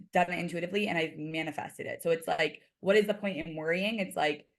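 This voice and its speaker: A woman guest on a podcast, chatting casually and peppering her talk with "like". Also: fairly low pitch. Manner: chatty, lots of "like" fillers. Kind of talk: casual chat.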